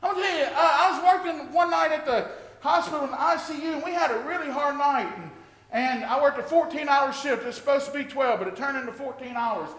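High-voiced preacher in an echoing church. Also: male voice, a little fast. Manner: impassioned, building to shouted exclamations. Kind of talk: sermon. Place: church sanctuary with a congregation. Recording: echoey hall with long reverb.

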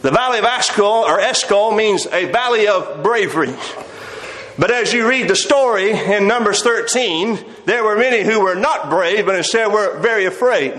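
A man's voice: high voice, expressive, normal speed, fairly bright tone, reverberant, poor audio. A man preaching a sermon, quoting old-fashioned scripture and calling his listeners "my friends.". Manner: reads scripture in old-fashioned King James phrasing, addresses listeners as "my friends".

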